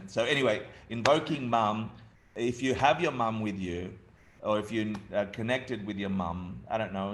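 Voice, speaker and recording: With slight background noise behind him, a fairly low-voiced Argentine man in his fifties delivers a funny dharma talk. He is a dharma teacher, chatty and laughing often as he shares stories about his family.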